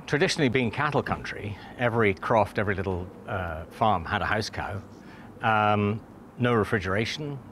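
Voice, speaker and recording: A man, a cheesemaker, explaining his craft in a relaxed storytelling way. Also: fairly low pitch, background noise. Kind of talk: interview answers.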